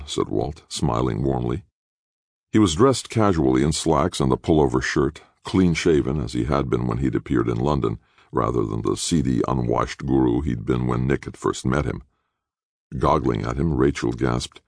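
Very deep, gravelly male narrator. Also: normal speed, no room sound, clean studio sound. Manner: expressive storytelling. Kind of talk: audiobook narration.

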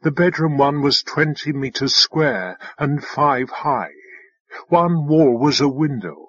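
A man reading a novel aloud as an audiobook narrator, measured and unhurried. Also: fairly high pitch, lively intonation, fairly bright tone, breathy edge, no room sound, dull audio. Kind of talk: scripted narration.

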